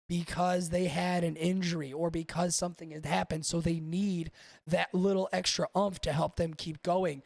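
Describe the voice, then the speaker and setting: A man's voice: sits high, gravelly, darkish tone, no echo. A man hosting a podcast livestream, chatting casually and profanely, rambling and talking to his chat. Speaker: podcast host.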